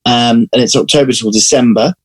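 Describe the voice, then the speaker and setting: A man being interviewed as an actor, telling lively anecdotes in casual chat over a video call. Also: medium pitch, fairly quick, husky, poor audio. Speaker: actor guest.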